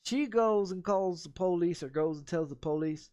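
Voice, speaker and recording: A man's voice: sits high, moderate pace, darkish tone, dry recording. A man in his thirties, a game streamer, telling a story in a heated, profane rant full of repeats. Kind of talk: casual storytelling during a gameplay stream.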